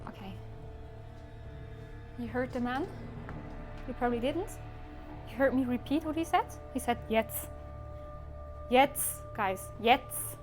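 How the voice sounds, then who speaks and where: Chatty high-voiced woman streamer. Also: moderate pace, long pauses, music in the background. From Switzerland. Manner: chatty and rambling, laughs often, self-mocking. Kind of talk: casual live-stream chat to viewers.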